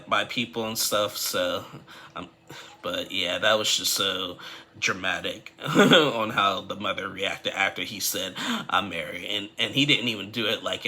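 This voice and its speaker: A man's voice: lowish voice, sharp tone, slight background noise. A man chatting casually as he recaps a reality TV episode, rambling with many fillers and restarts and acting out the quotes. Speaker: TV recap vlogger.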